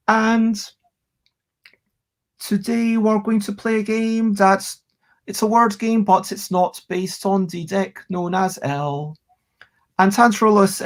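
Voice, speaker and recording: Slow-talking streamer, excitable. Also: medium pitch. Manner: chatty, warm thanks to viewers, excitable bursts. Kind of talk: live-stream chat while playing a word game.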